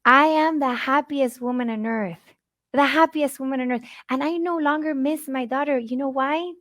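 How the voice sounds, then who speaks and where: A woman's voice: high-pitched, normal speed, fairly bright tone, dry recording, studio quality. A middle-aged woman whose first language is Spanish, giving an earnest, heartfelt talk at a conference and often repeating words as she searches for them. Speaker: conference speaker.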